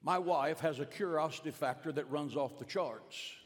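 A middle-aged male pastor telling a family story in a sermon, swinging from hushed lines to emphatic bursts. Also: fairly high pitch, normal speed. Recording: long hall reverb.

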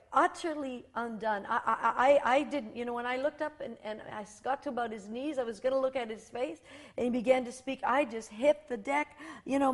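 Woman, 50s, from rural Saskatchewan, fairly high voice, animated storytelling, restarts often. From rural Saskatchewan, Canada. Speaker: guest. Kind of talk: personal testimony.

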